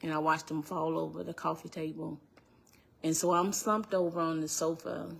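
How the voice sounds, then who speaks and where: A middle-aged woman telling an emotional personal testimony in an earnest, halting way, repeating phrases as she goes. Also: deep voice, flat delivery, creaky. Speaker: speaker giving a personal testimony.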